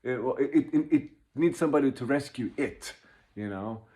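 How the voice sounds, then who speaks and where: A man leading a workshop, talking fast and animatedly, laughing at himself and acting out inner voices as he explains. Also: mid-range voice, dark tone. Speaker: workshop leader. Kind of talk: informal teaching talk.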